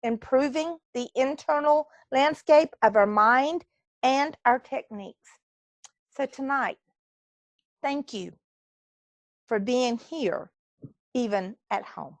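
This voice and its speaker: A woman's voice: sits high, slow pace, pauses often, no room sound. A woman giving an earnest, faith-minded speech from home over a video call. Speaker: club speaker.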